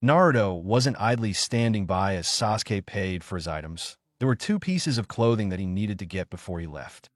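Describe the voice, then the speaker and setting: A man reading a fan fiction story aloud as narrator, in an animated storytelling way. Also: fairly low pitch, normal speed, hardly any pauses, no room sound, clean studio sound.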